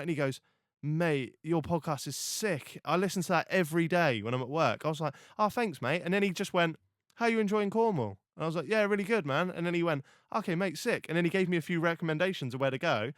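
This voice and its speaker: A man's voice: a little high, a bit bright, dry recording, studio quality. A young man hosting a podcast, telling stories animatedly with swearing and many restarts. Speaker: podcast host. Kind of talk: casual podcast chat.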